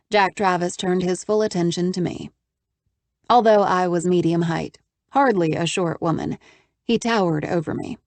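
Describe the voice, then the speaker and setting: A woman with a lower voice narrates a scripted audiobook, reading a novel aloud in a steady, measured storytelling style. The recording is close and dry, with no room sound.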